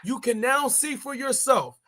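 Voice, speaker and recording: A man's voice: very high-pitched, animated, a little slow, sharp tone. A man hosting a boxing podcast, reading updates and putting questions to a caller. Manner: reads updates, then hands over to the guest with questions. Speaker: podcast host.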